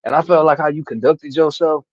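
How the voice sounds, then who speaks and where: Speaking a little fast with a slightly high, steady voice, a man hosts a casual boxing talk show, rambling, cursing, and frequently asking "you know what I'm saying." There's no room sound, just a dull, dry lo-fi mic.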